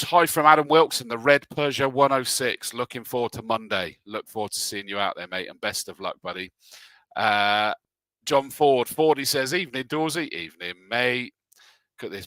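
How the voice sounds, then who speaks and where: A man's voice: mid-range voice, sharp tone, no echo. A man hosting a casual live stream, reading out viewers' comments and chatting back to them in a friendly way. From England. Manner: friendly, reads out names then chats back. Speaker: host and race commentator.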